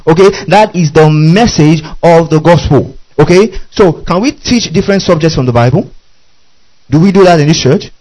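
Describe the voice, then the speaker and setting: A man's voice: on the high side, moderate pace, darkish tone, rough recording. A man preaching a teaching sermon, working through scripture and constantly asking his listeners if they follow. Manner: questioning the congregation constantly. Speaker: pastor.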